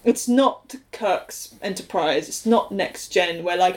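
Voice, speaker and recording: A woman co-hosting a casual chat, critiquing a show with lively, sweary energy and acted-out quotes. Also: mid-range voice, slow. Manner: animated, acts out quotes, swears freely. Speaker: podcast co-host.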